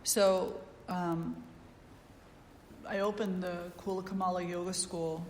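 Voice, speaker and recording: A woman's voice: on the low side, takes it slowly, slight background noise. Woman telling stories in an echoing hall. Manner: lively storyteller who acts out the people she quotes. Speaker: spiritual teacher. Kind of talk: satsang talk with storytelling. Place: yoga ashram hall. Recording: roomy hall with long echo.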